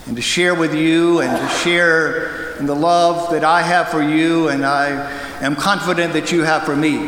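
A man preaching a sermon as a guest pastor, storytelling with pointed pauses, heard in a large church sanctuary over a pulpit mic. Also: fairly high pitch, bright, forceful tone, a little hiss or hum. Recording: echoey hall with long reverb.

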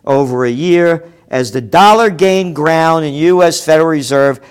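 A man hosting a forecasting show, delivering a combative, profane rant with loud bursts of shouting. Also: on the high side, moderate pace, clean tone. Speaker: host of a trend forecasting show. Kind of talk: ranting commentary.

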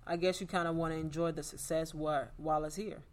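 A man with a slightly higher voice speaks earnestly in a relaxed conversation. He sounds reflective and motivational. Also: quick pace. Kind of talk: casual conversation.

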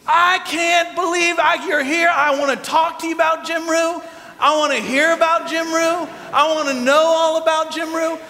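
A man voicing a big, boisterous older father with a thick Southern accent, loud and insistent. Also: high voice, expressive, fast talker, hardly any pauses. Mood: excited. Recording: long hall reverb.

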